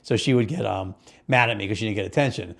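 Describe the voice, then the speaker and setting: A man with a Connecticut accent, co-hosting a podcast and telling stories in a casual, profane, animated way, acting out the people in them. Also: fairly low pitch, fast, vocal fry. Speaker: podcast co-host. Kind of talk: casual storytelling chat.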